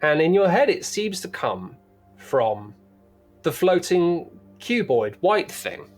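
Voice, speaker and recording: Playful, animated game master man. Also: a little high, takes it slowly, faint music behind. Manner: playful, rambling, with sound-effect noises. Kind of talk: narrating a tabletop role-playing game.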